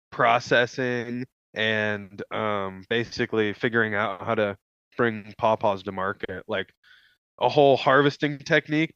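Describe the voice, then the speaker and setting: A laid-back man chats as a podcast co-host, enthusiastic and easygoing. His voice is smooth and of middle pitch. The recording is dry and slightly dull, lacking crisp highs. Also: fairly bright tone, dry recording. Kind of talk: casual chat.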